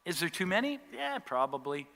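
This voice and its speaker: A male election candidate giving a blunt, animated rebuttal at a public forum. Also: high-pitched, brisk, creaky. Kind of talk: debate rebuttal. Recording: reverberant hall.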